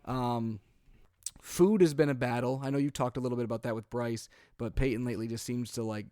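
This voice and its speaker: A man's voice: medium pitch, brisk, dry recording, studio quality. A man in his thirties, a father co-hosting a podcast, telling a long family story casually, acting out quotes and filling gaps with "like" and "um". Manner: animated storyteller, acts out quotes, frequent "like" and "um". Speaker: podcast co-host.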